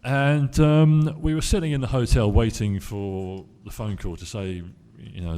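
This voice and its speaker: A man's voice: lowish voice, steady tone, measured pace, hardly any pauses, mellow. A man on a convention panel telling a rambling anecdote at a fan Q&A, with frequent restarts. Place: large convention hall. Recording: echoey hall.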